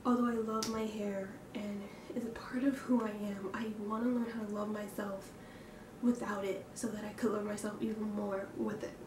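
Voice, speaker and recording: Recorded with a distant mic in an echoey, noisy room, a young woman vlogs about herself, reflective and hesitant. Nervous, she breathes hard and fills her candid talk with fillers and sighs. Her voice is medium-pitched and level, at normal speed.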